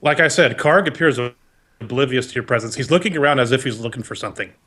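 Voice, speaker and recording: Bright-voiced male dungeon master. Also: mid-range voice, quick pace, husky. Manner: relaxed, hesitant narration with fillers. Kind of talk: narrating a tabletop game over voice chat.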